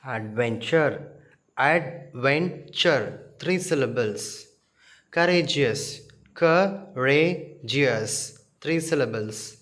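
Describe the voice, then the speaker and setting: A male school teacher with an Indian English accent, leading a slow, careful revision lesson and explaining word meanings one by one. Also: fairly high pitch.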